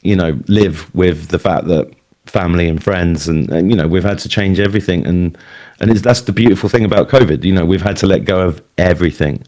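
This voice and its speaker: This speaker is a man from England, in his fifties, whose voice sits low and moves fairly quickly with a darkish color. He tells a live audience the story of his life in a loose, chatty way, dropping in plenty of fillers and side remarks.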